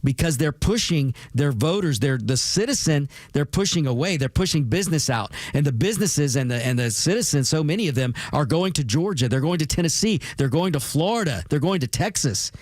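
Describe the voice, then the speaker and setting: A man's voice: on the high side, animated, fairly quick, hardly any pauses, no echo. Emphatic talk radio host, man. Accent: Spanish-rolled R's on Latin words. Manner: emphatic, repetitive, addresses listeners as folks. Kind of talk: political talk radio monologue.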